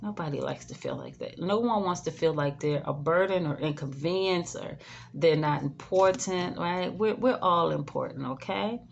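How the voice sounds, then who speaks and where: A woman caregiver giving casual advice, chatty, tagging her sentences with "right?" and "okay?", sometimes dropping to a soothing hush. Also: deep voice, normal speed, creaky, dull audio, a little hiss or hum. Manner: soothing, drops to a hush when modeling calm words. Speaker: in-home caregiver. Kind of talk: casual advice talk to camera.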